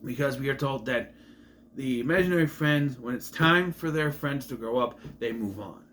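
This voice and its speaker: A man's voice: medium pitch, normal speed, a bit bright, a little hiss or hum. A man casually recapping a movie, rambling and trailing off into asides. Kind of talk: casual film recap commentary.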